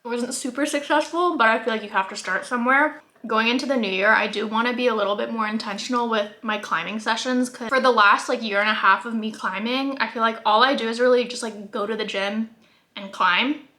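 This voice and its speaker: A woman's voice: fairly high pitch, brisk, sharp tone. A young woman vlogging casually at home, chatting about her day while eating, with lots of filler words. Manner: chatty, many "like" fillers, laughs while talking. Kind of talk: casual vlog talk to camera.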